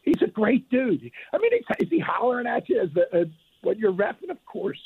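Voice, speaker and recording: Older male guest, retired ref, gravelly and husky, lively storyteller, phone-line sound. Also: high voice, a little fast. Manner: animated, restarts and repeats words.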